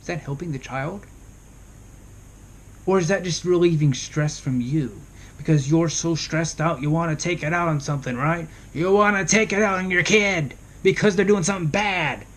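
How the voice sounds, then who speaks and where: A man's voice: on the high side, normal speed, a bit bright. A young man in his early twenties talking casually to camera, giving parenting advice and asking rhetorical questions. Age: young adult. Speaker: vlogger.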